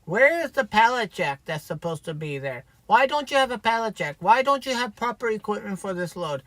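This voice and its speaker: A man voicing an impatient, demanding woman on the phone who scolds with rapid-fire questions. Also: sits high, big pitch swings, fairly bright tone, dry recording. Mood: scolding.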